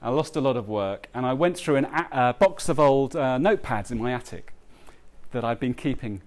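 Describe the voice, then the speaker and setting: A man giving a heartfelt, halting talk to a live audience at a book launch, with many pauses and restarts. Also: mid-range voice, lively intonation, darkish tone. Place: live event before an audience.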